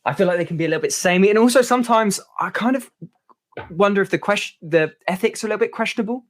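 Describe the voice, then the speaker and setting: A woman's voice: medium pitch, rapid-fire. Hesitant, thoughtful woman guest. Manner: hesitant, thoughtful, many fillers. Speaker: podcast guest. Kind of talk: casual chat.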